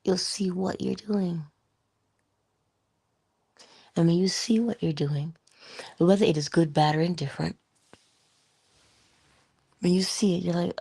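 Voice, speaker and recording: Woman motivational speaker, husky and low, chatty delivery. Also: moderate pace, pauses often, warm tone. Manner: conversational, asks rhetorical questions. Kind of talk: inspirational talk.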